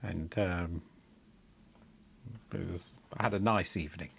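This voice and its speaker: A man's voice: low-pitched, fairly even intonation, measured pace, creaky, a bit bright, a little hiss or hum. A middle-aged man chatting unhurriedly on a live coding stream. He rambles, laughs to himself and restarts his sentences. When the code misbehaves he mutters in exasperation. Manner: rambling and chuckling, with frequent fillers and restarts; exasperated muttering while debugging. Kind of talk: casual live-stream chat.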